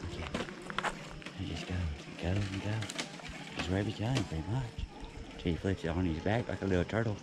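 Deep-voiced folksy man outdoors. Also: brisk, long pauses, loud music behind the voice. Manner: chatty, folksy, amused. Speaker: RC hobby vlogger. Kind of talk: casual outdoor commentary. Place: outdoors at a creek. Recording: loud outdoor creek noise.

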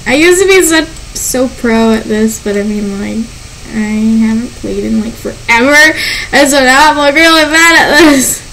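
A woman giving gameplay commentary as a channel host, excitable and panicky, often squealing and laughing. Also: sits high, normal speed, slight background noise, low-quality recording.

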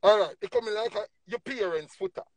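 A man with a Jamaican accent preaching emphatically on a livestream, swinging between low murmurs and loud bursts. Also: quick pace, no echo. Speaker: livestream speaker.

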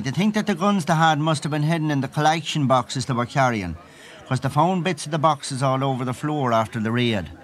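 A man's voice: mid-range voice, a bit bright, lightly acted. An actor playing a chatty Irishman with an Irish accent, phoning from the pub at Christmas and rambling through gossip while chuckling at his own stories, in a comic monologue sketch. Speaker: comic phone caller.

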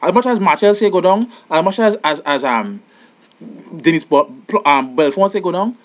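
A young man giving comic advice in an animated, exasperated vlog monologue. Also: normal speed. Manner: animated, exasperated, rising to high outbursts. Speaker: vlogger.

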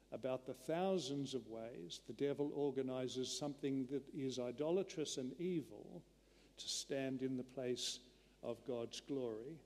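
A man preaching a sermon in an earnest way, slowing and dropping his voice to drive points home. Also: medium pitch, darkish tone. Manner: earnest, slows and drops his voice to stress a point. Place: church. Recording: long church reverb.

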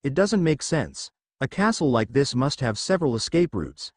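A man's voice: mid-range voice, sing-song, moderate pace, no echo, studio quality. A man voicing a blond young male ninja, urgent and commanding. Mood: puzzled.

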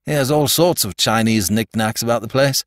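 A man's voice: medium pitch, moderate pace, no room sound, studio quality, pitched above the performer's own voice, lightly acted. A man voicing a jolly, blunt, skeptical country doctor with a hearty, dismissive manner.

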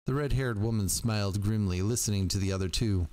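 A man's voice: lowish voice, brisk, hardly any pauses, a little mellow. A man reading a book aloud to his stream audience in a casual, chatty way.

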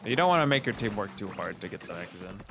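A young man with a mid-range, animated voice coaches and teases a friend while they play a video game together. He breaks out in loud exclamations. Game music is clearly heard behind him. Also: lowish voice, fast. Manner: teasing, coaching, exclaims loudly. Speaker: co-player giving tips. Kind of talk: casual gaming chat.

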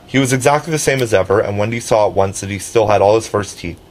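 Male audiobook narrator, low voice, measured storybook reading, faint hiss. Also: darkish tone, rough recording.

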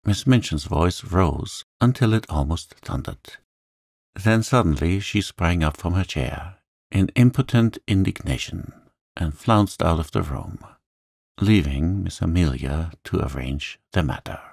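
A man narrating a classic novel as a calm, gentle sleep story. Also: deep voice, unhurried, vocal fry, no echo, studio quality.

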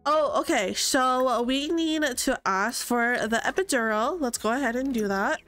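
A woman's voice: high voice, unhurried, a bit bright. Chatty young woman streaming a game. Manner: chatty, reads chat aloud, gasps and laughs often. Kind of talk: casual live-stream chat while playing. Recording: game music faint behind.

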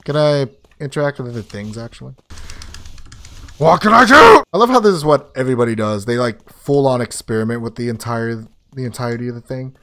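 A man's voice: mid-range voice, quick pace, few pauses. A man casually commenting as he streams a story game, loose, profane and jokey, often breaking into laughter.

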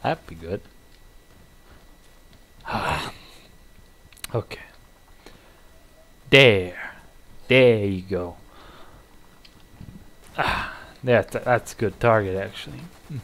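A man giving live gameplay commentary, muttering and cursing with sudden excited outbursts. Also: lowish voice, very slow, pauses often. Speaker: gamer.

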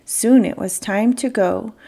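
A woman reading a children's picture book aloud as a storyteller, with expressive, gentle narration. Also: a little high, unhurried.

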